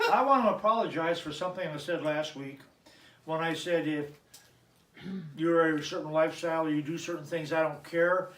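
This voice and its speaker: A man's voice: on the high side, normal speed, fairly bright tone. A man preaching a sermon in a conversational, joking style, with asides to the congregation. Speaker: pastor. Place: church sanctuary. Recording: echoey church, mic at a distance.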